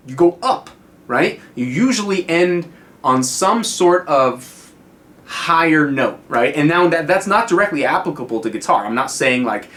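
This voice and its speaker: A man's voice: a little high, expressive, a little slow, pushed and bright. Chatty American man teaching guitar. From United States. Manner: chatty, many fillers, asks "right?" often. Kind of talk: casual video guitar lesson.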